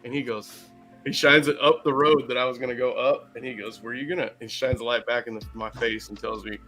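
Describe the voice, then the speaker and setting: A man telling a story in casual chat, animated and profane, laughing as he goes. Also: mid-range voice, fast talker, faint music behind. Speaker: podcast co-host.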